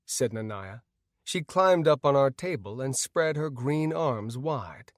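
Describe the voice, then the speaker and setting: A man reading a first-person fantasy audiobook in an expressive, action-driven style. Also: medium pitch, slow pace, no echo, studio quality. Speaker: audiobook narrator.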